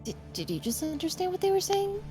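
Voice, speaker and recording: Man voicing a mimicking bird creature, way up high, distant-sounding, quiet. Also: very animated, brisk, music in the background. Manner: parroting, echoing others.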